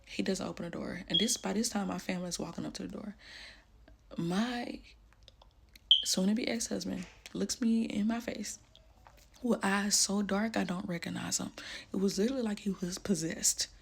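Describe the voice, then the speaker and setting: A woman's voice: mid-range voice, steady tone, moderate pace, creaky, slight background noise. A woman telling a personal story candidly, blunt and emotional, with casual slang.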